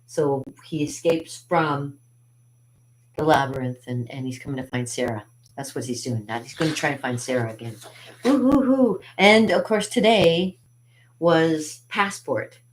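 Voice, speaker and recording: A woman with a low voice hosts a casual cartooning tutorial. She talks in a chatty, rambling way and laughs often as she walks through her drawings. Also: lively intonation, a little slow, a little hiss or hum, rough recording. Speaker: cartooning channel host.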